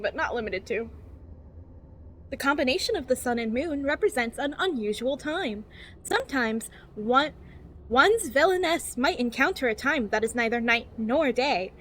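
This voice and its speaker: A woman's voice: high-pitched, a bit bright, slight background noise. A woman streamer reading game text aloud in a cheery infomercial-style voice and giggling often.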